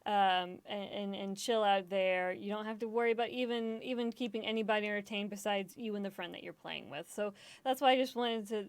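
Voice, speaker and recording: Woman streamer rambling at her desk mic, swears a lot, laughs at herself, smooth clear voice, dry sound. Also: mid-range voice, steady tone, brisk, dry recording. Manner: self-deprecating and emotional. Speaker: gaming streamer. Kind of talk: casual chat.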